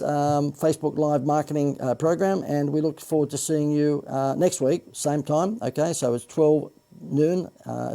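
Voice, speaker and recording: An Australian man hosting a marketing livestream, making a chatty sales pitch with joking asides and frequent self-corrections. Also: gravelly, mellow. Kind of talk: Facebook Live sales pitch.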